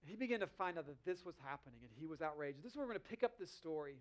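A man with a notably high voice delivers a sermon. He reads scripture passages slowly and deliberately, then breaks them down in a relaxed, conversational manner. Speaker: pastor.

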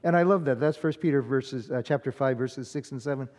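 Male preacher, earnest and conversational, mellow tone, long church-hall reverb. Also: mid-range voice, fairly quick. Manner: earnest and conversational, with frequent restarts and "uh" fillers. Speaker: pastor. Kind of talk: sermon.

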